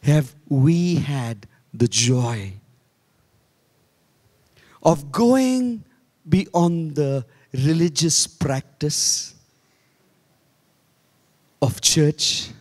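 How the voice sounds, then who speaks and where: A man preaching a sermon as pastor, moving between soft low asides and raised emphatic lines. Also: big pitch swings, very slow, long pauses. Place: church hall. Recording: echoey church hall.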